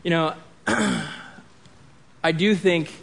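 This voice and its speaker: A man's voice: on the high side, steady tone, very slow. A man in his thirties preaching a sermon in a conversational way, with restarts and asides. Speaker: pastor.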